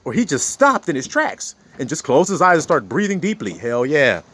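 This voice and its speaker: Male spiritual teacher, informal preacher, slightly raised pitch, very expressive, salty language. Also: normal speed. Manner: animated, swears casually, laughs often.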